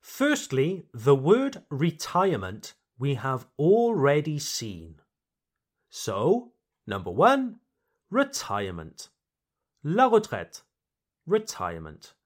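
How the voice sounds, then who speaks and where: A man hosting a podcast lesson, teaching vocabulary slowly and deliberately and repeating each word for learners. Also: fairly high pitch. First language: English. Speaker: English teacher and podcast host.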